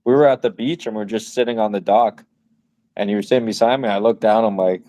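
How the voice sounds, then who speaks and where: A man's voice: lowish voice, quick pace, dark tone, no room sound. A man in his twenties co-hosting a podcast, telling stories in casual slangy chat and laughing often. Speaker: podcast co-host.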